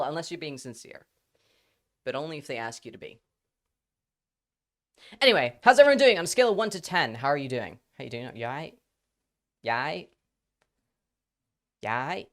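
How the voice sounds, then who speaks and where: A livestreamer chatting loosely with viewers, playful and swearing freely. The voice is bright and forward with a very lively, bouncing pitch, and it slides between accents mid-stream. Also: a little fast, long pauses. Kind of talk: casual live-stream chat.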